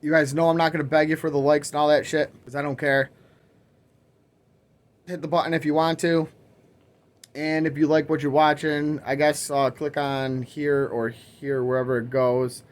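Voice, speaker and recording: A man's voice: on the high side, flat delivery, normal speed. Man, crypto vlogger, swears constantly, exasperated rambling rant, sarcastic. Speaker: crypto video host. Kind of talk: ranting casual commentary.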